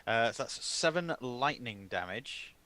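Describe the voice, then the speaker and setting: A playful man chatting at a tabletop game, jokey and stumbling as he works out his turn. His voice swings widely in pitch. It has a bright, forward tone. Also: expressive, measured pace, no room sound. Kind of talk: casual game table chat.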